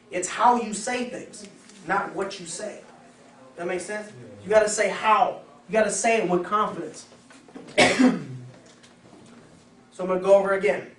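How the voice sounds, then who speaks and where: Male sales trainer, high voice, animated and coaching, recorded far off in an echoey room. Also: slight background noise. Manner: animated, acts out customer dialogues.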